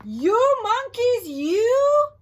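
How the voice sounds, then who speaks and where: A woman voicing an angry male cap peddler who shouts and scolds in a drawn-out, high, loud voice. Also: sing-song, lo-fi sound, full character voice. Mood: angry shouting.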